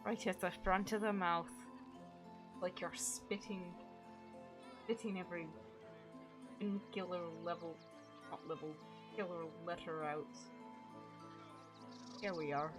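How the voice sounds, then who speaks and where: A woman's voice: on the low side, normal speed. Tired, playful woman streamer. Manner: chatty, playful, self-mocking. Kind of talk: casual gameplay commentary. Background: game music.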